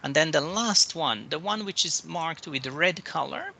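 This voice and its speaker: Slow, bright-voiced man tutoring English. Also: a little high, lively intonation, creaky, slight background noise, rough recording. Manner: patient, explains slowly step by step. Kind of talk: online one-to-one pronunciation lesson. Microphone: video call.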